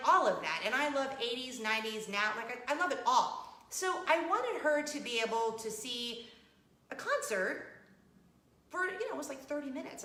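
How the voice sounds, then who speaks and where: A woman's voice: a little high, echoey room. A woman vlogger, chatting casually and playfully with her viewers. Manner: chatty and animated, with laughs and playful asides. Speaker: vlog host. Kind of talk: casual chat.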